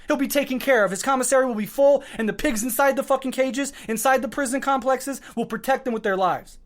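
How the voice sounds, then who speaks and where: A man's voice: extremely high pitch, fast talker. A man hosting a podcast who delivers a fiery political monologue full of swearing and stacked short clauses. He is worked up and short on sleep. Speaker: podcast host.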